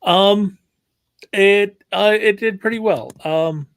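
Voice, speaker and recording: A man on a casual stream, pitched a little high and sounding close and dry. He talks haltingly, restarting phrases and leaning on fillers. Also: dry recording. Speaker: stream co-host. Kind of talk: casual chat.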